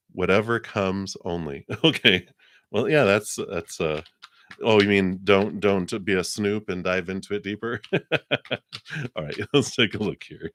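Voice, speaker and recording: A man's voice: low-pitched, no echo. A middle-aged man hosting a live tarot card reading, chatting casually with viewers and thanking donors. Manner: relaxed and chatty, thanks donors, many fillers.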